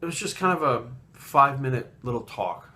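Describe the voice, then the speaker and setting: A man's voice: mid-range voice, lively intonation, fairly quick, pushed and bright. A man in his late thirties from Rhode Island, telling a personal story in a blunt, rambling way with lots of swearing. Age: late 30s. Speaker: fitness vlogger. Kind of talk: casual storytelling.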